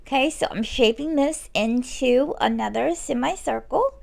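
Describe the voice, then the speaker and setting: A woman narrates a nail art tutorial over her work, explaining each step casually and correcting herself as she goes. Her voice sits a little high and is heavily gravelly with vocal fry. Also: moderate pace. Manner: relaxed, self-correcting, chatty instruction. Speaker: nail artist.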